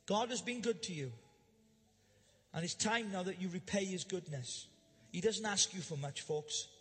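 A man preaching a humorous storytelling sermon to a church congregation, animated and jokey, building to loud emphatic bursts. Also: sits high, normal speed. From Wales. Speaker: pastor. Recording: live church hall reverb.

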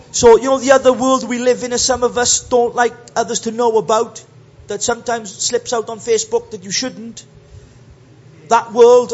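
Male pastor, very high voice, lively preaching with acted asides, muffled lo-fi church tape. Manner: animated, acts out voices and sings snatches of hymns. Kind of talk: sermon.

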